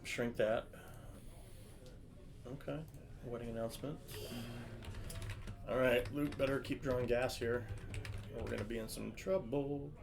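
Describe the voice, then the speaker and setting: Male play-by-play caller, mid-pitched, excitable, live game commentary. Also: creaky, background noise. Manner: excitable, quick reactions to each play. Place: card shop.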